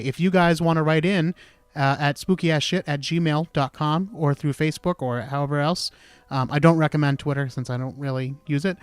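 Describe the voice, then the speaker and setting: A man hosting a podcast, talking in a relaxed, chatty way with casual swearing. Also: fairly high pitch, no room sound. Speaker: podcast host.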